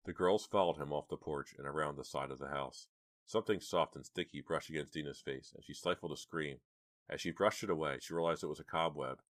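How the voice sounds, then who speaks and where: A man narrating a horror audiobook in a steady, measured storytelling manner. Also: a bass voice, no echo, studio quality.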